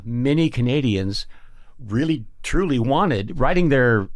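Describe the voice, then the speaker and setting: A man co-hosting a podcast, chatting and adding background context for listeners. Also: mid-range voice. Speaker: podcast co-host. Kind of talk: casual interview.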